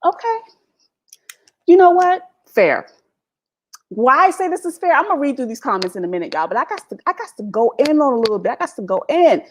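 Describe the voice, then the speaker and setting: A woman's voice: high voice, big pitch swings, brisk, a little hiss or hum. A woman ranting brashly and profanely to her live stream viewers, laughing often, recorded at home on a laptop mic. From United States. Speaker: vlogger hosting a live stream. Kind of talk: candid unscripted rant to viewers. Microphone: laptop built-in mic.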